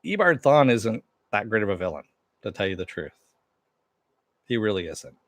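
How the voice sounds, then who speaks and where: A man hosts a relaxed home stream, reading viewer comments and rambling through TV episodes with plenty of fillers. His voice sits low, and the sound is dry and close. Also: moderate pace, no room sound. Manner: rambling, loose, with many fillers and restarts. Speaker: show host. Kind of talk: casual live-stream chat with viewers.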